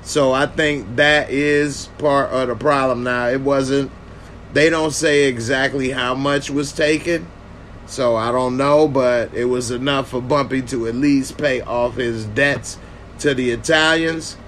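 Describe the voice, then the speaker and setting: Guy doing a laid-back tv episode review, talks slow, chats to viewers, faint hum behind. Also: medium pitch, fairly even intonation, a bit bright. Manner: loose, conversational, answers viewer comments. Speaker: TV show reviewer. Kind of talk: casual reaction video commentary.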